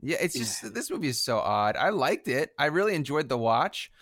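A man in casual chat, animated, often restarting his sentences. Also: medium pitch, moderate pace, no room sound, clean studio sound. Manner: animated, stammering restarts, swears.

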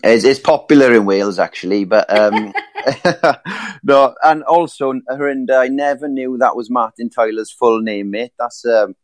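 A man's voice: mid-range voice, measured pace, no echo. A man co-hosting a football podcast, talking casually in rambling turns full of fillers and restarts. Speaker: podcast co-host.

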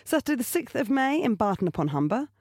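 A woman's voice: a little high, big pitch swings, quick pace, darkish tone, breathy edge, no room sound, studio quality. A woman co-hosting a podcast, chatty and upbeat, reading out tour dates in casual chat. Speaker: podcast co-host.

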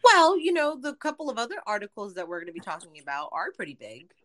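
A woman's voice: mid-range voice, huge pitch swings, fast, fairly bright tone. A woman co-hosting a casual podcast chat, giggling, swearing casually and reading a letter aloud. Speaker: podcast co-host.

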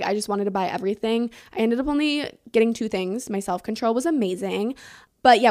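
A teenage girl hosting a casual storytelling podcast, chatty and rambling, with lots of "like" and "um" and casual swearing. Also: medium pitch. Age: teens. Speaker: podcast host.

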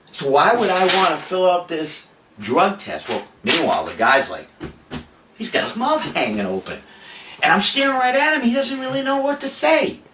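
An older man spins a brash, boastful tale, acting out the other people's lines as he goes. He sits back from the mic in a roomy space, with a faint hiss under him. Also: fairly high pitch. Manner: brash, boastful, animated storytelling with mock-quoted voices. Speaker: podcast host saying farewell. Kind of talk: casual storytelling monologue. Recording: roomy, distant, faint noise.

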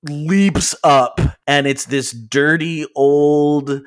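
A man's voice: fairly high pitch, steady tone, very slow, smooth. A man narrating as game master in a tabletop role-playing game, easygoing and laughing often.

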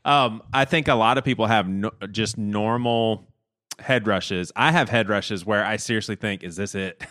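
A man's voice: on the low side, moderate pace, fairly bright tone, dry recording. Wry man on a dry podcast mic. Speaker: podcast co-host. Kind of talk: casual chat.

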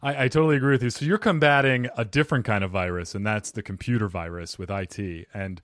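A man's voice: lowish voice, fairly even intonation, fast talker, a bit bright, no room sound, studio quality. A man hosting a casual podcast interview, joking loosely and swearing freely as he asks questions. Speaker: podcast host. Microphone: remote video call.

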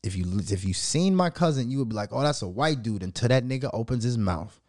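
Animated, profane man ranting as show host. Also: medium pitch, fast, dry recording, studio quality. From Minnesota. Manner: animated, profane, mocking, laughs often. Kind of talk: casual solo rant.

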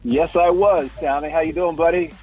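A man's voice: a little high, steady tone, normal speed, faint music behind. An older man telling rambling stories on a radio sports show, with many restarts. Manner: rambling, warm storytelling with restarts. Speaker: radio analyst and former player. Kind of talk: casual radio chat. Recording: dry, phone-like radio line.

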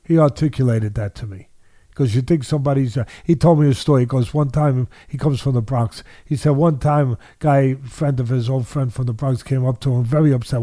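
An older man tells his story in a dark, mellow voice, recorded close and dry. He talks emphatically, repeating key phrases and acting out the voices of people he quotes. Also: mid-range voice, steady tone, moderate pace, no room sound. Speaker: boxing trainer guest. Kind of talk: storytelling interview.

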